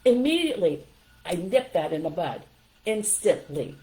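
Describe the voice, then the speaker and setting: A woman's voice: fairly low pitch, lively intonation, normal speed, warm tone, low-quality recording. An older woman giving firm, emphatic parenting advice straight to her viewers in a casual livestream talk.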